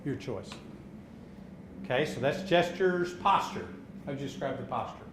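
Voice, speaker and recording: A man coaching speakers in a live public speaking workshop, brisk and encouraging, giving direct feedback. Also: medium pitch, expressive. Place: seminar room. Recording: echoey room, faint background noise.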